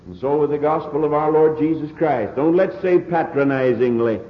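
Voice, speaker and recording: A man's voice: fairly high pitch, moderate pace, few pauses. A man preaching a sermon, earnest and emphatic, with repeated phrases, heard on an old lo-fi recording. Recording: tinny lo-fi old sermon recording, roomy hall echo.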